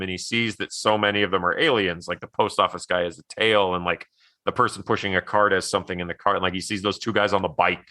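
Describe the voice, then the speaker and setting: A man's voice: on the low side, bright, forceful tone, no echo. A man co-hosting a podcast, recapping a movie in casual chat, rambling with lots of "like" and laughing easily. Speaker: podcast co-host.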